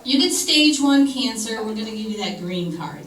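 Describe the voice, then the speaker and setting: A woman tells a dark, funny story on a comedy club stage in a casual, blunt way. Her voice is caught from a distance, and it echoes around the room over a clear hum of ambient noise. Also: fairly high pitch, lively intonation, moderate pace. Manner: conversational storytelling, dark humor, blunt swearing. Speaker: stand-up comedian. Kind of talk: stand-up comedy set. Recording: roomy club sound from far off with audience noise.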